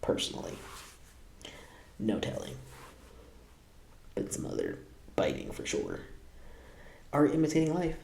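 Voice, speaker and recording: A man's voice: on the high side, huge pitch swings, measured pace, creaky, long pauses, darkish tone, roomy sound. A man hosting a casual reaction video, laughing often and tossing out playful asides.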